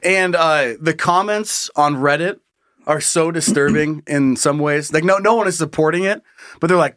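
A man's voice: a little high, normal speed, fairly bright tone, no room sound, clean studio sound. A man co-hosting a podcast in crude, joking chat, loose and profane, who keeps slipping into mocking voices. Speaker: podcast co-host.

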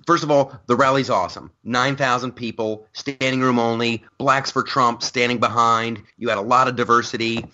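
Male comic host, punchy and sharp-edged, acts out other people's lines, casual rant energy. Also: mid-range voice, steady tone, moderate pace, few pauses, muffled recording. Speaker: podcast host and stand-up comic. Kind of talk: casual political chat.

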